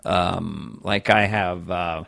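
A middle-aged man, a comedian, chatting casually as a guest and joking in an animated way. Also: sits low, slow, vocal fry. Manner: animated, jokey, trails off. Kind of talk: casual chat.

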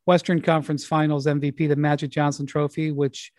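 A middle-aged man hosting a casual sports podcast, relaxed and hesitant with plenty of fillers. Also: on the high side, fairly quick, no echo, clean studio sound. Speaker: podcast host.

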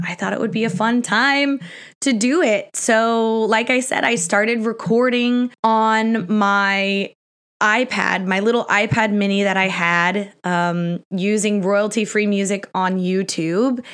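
Woman, young adult, podcast host, casual Q&A chat, chatty, laughs often, self-deprecating, average pitch. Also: fairly even intonation, slow, fairly bright tone, clear, resonant tone.

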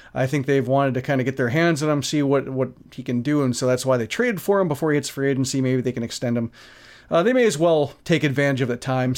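A man's voice: mid-range voice, a little mellow. A man co-hosting a casual sports talk show, giving analysis in a rambling way with many restarts and fillers. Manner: rambling, lots of "you know" and restarts.

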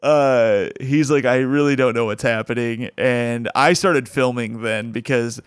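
A man's voice: medium pitch, measured pace, clean tone, dry recording. A young man, a comedian, casually telling a funny anecdote, laughing often as he talks. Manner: animated, laughs often while telling the story.

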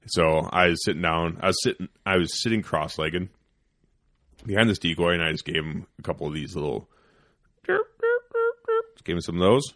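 A man hosting a podcast, telling a hunting story in casual chat, profane and animated, dropping into whispers for quoted lines. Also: deep voice, brisk, dry recording, studio quality. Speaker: podcast host.

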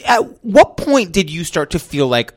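A woman in her thirties hosting an interview, effusive and quick to react with exclamations. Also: on the low side, sing-song. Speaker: interviewer, host. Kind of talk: casual interview chat.

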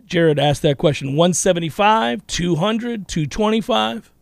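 A man's voice: high voice, expressive, unhurried, creaky, no room sound. A man hosting a casual sports talk radio show, reading listener questions and laughing easily.

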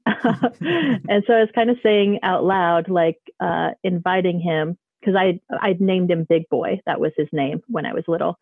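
A woman's voice: lowish voice, measured pace, vocal fry, husky, no echo. Woman caller on a tinny phone line. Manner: rambling with many fillers and restarts. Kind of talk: casual storytelling. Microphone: phone call.

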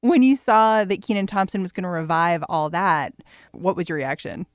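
Lower-voiced woman podcast host. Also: moderate pace, no room sound, studio quality. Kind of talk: scripted interview narration.

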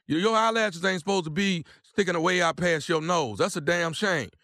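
A man's voice: high-pitched, normal speed, bright, forceful tone, dry recording. A man making a prank phone call, complaining in a blunt, drawling, repetitive way. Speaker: prank caller.

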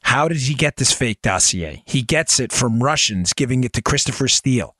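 A man hosting a political commentary podcast, talking in a sarcastic, excitable rant. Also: mid-range voice, normal speed, no room sound, studio quality. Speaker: podcast host.

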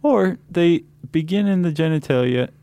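A man's voice: fairly high pitch, expressive, normal speed, mellow, smooth. Man co-hosting a loose chatty podcast. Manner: loose, joking, many fillers and restarts. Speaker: podcast co-host. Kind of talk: casual chat.

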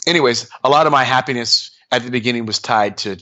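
A man being interviewed, telling stories in a casual, animated way with lots of fillers and sudden jumps in pitch. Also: quick pace, muffled recording. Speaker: interview guest. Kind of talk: casual storytelling.

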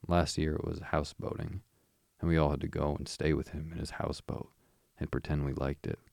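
A man voicing a sociable, easygoing male water rat in a storybook reading, in a gravelly voice. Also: very deep voice, level tone, fairly quick, darkish tone, no echo, clean studio sound, full character voice. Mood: cheery.

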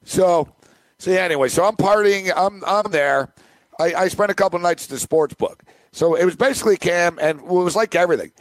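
A middle-aged man hosting a sports betting podcast, telling a rambling, animated anecdote in casual chat. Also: sits high, a little fast, dry recording. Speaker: podcast host. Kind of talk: casual storytelling.

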